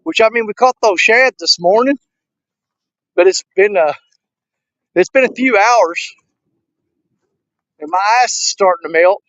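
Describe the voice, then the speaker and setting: A man's voice: high-pitched, unhurried, long pauses, fairly bright tone, dry recording. Folksy man on a riverbank. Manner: folksy, chatty, talks to viewers while working. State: out of breath from walking. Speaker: fishing vlogger. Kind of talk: casual outdoor vlog. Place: outdoors on a windy riverbank. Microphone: camera mic. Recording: dull lo-fi camera audio.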